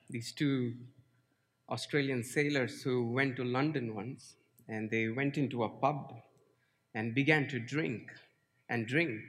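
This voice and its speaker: A man preaching a sermon, telling a story slowly and earnestly, then leading into prayer. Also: medium pitch, big-room sound. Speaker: pastor.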